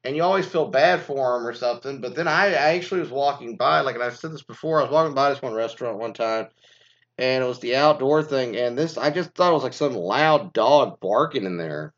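A man hosts a casual commentary, reading news items and then launching into rambling, profane, exasperated rants. His voice is mid-range, brisk and a bit bright, on dull lo-fi sound.

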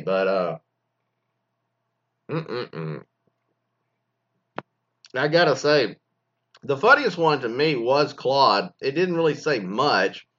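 A man's voice: medium pitch, muffled recording. A man hosting a podcast, giving casual, rambling commentary that drifts off on tangents. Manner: rambling, animated, goes off on tangents. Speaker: podcast host.

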